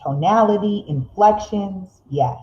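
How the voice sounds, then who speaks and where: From a seat in an indoor room, a middle-aged woman hosts a live motivational broadcast at medium pitch. She reads viewer comments aloud, laughs frequently, and varies her pace, faster when excited and slower to make a point. The audio is roomy and slightly dull.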